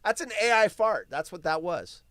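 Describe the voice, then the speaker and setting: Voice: mid-range voice, big pitch swings, moderate pace, fairly bright tone, no echo. A live stream host doing solo commentary, ranting with profanity, mocking asides and laughter while reading the news aloud.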